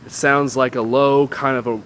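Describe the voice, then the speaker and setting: A man's voice: medium pitch, steady tone, normal speed, fairly bright tone, slight background noise. A man giving an improvised, rambling spoken tutorial while walking down a street, talking into a handheld device. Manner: casual, rambling and self-correcting. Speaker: voice impression tutor.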